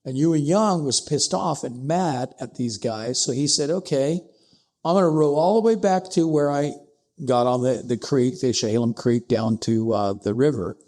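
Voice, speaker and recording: A man telling a story with lively dialogue. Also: moderate pace. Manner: acts out dialogue with pitch jumps, asides like "I'm paraphrasing". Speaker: podcast guest, distillery co-founder. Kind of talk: animated historical storytelling.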